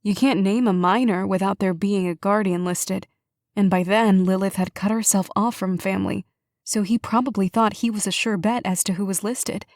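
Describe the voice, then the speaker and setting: A sorrowful middle-aged woman with a soft, quavering voice, caught up in a missing-girl case, as a woman narrator puts her on. She speaks with mid-range pitch in a dry, close audiobook read. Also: fairly even intonation, moderate pace, no echo, close to an everyday voice. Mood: measured, sorrowful. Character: grieving middle-aged woman, sister's guardian. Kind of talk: audiobook character reading.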